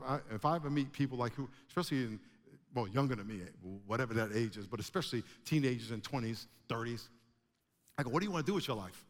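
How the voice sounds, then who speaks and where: A man preaching a sermon to a congregation, animated, with emphatic rising bursts. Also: mid-range voice, fast. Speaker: pastor. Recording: long hall reverb.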